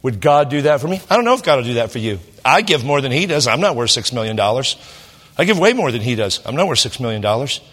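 A man's voice: mid-range voice, very animated, fast talker, fairly bright tone, breathy edge, in a large hall. A man preaching a sermon in a church, telling stories conversationally with jokes and restarts. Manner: conversational, jokey, with many restarts. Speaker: pastor. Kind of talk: sermon with storytelling. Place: church sanctuary.

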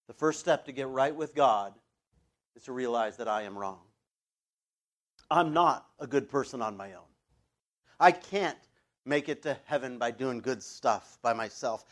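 A man preaching a sermon as the church's pastor, talking in a loose, conversational way with asides and fillers, and getting more animated when he stresses a point. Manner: animated, rises in pitch and volume for emphasis.

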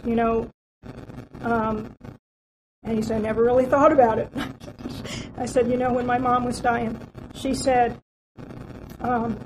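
A woman with a fairly high voice gives a heartfelt testimony at a church gathering, rambling and restarting with plenty of fillers. Her pitch stays flat and even, and a clear hiss of noise sits under the recording. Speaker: outreach team member sharing testimony. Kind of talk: personal testimony at church report.

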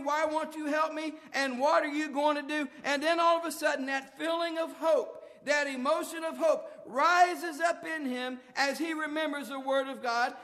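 A man preaching a sermon as pastor, impassioned and building to shouted lines. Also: very high-pitched, big-room sound.

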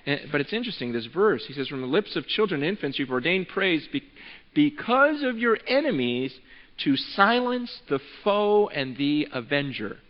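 A young adult man preaching a conversational, animated sermon to his congregation, stumbling and restarting as he goes. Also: a little high, moderate pace. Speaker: pastor. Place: church sanctuary. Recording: dull sound with long hall reverb.

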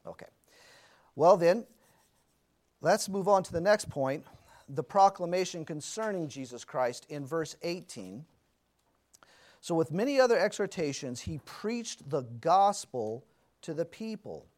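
A man leads an adult Bible class in a relaxed, conversational way, putting questions to the group and stopping to fix his own slips. His speaking voice sits a little high for a man. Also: a little slow, long pauses. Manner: conversational, asks the class questions, corrects himself mid-sentence. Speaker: Sunday school teacher.

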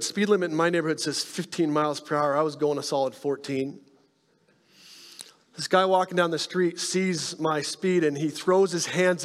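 A male pastor preaching a sermon, telling stories with animated energy and dropping to hushed tones to make his point. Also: high voice, long reverb tail. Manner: animated storytelling, drops to soft hushed tones for emphasis.

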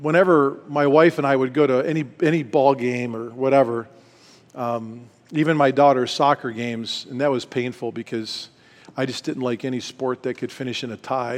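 A middle-aged man giving a casual, story-driven sermon at a retreat, folksy and self-deprecating with quick asides. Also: mid-range voice. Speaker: retreat speaker. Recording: long reverb hall.

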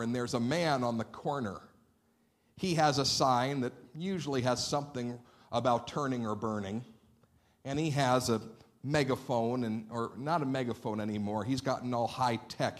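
A man preaching a sermon, reading scripture dramatically and then speaking in relaxed, conversational asides. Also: medium pitch. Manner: dramatic scripture reading, rising loud on quoted lines. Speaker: pastor.

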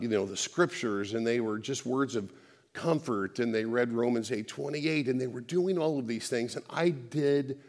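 A man preaching a conversational sermon, often restarting words and dropping soft for emphasis. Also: medium pitch, in a large hall.

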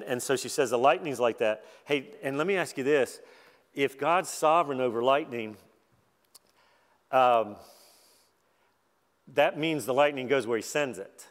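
A man preaching at a conference in a relaxed, conversational way, poking fun at himself. His voice sits at an ordinary middle pitch. The sound carries a long reverb from a big hall. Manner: conversational, self-deprecating preaching with laughs. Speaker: conference speaker. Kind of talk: sermon.

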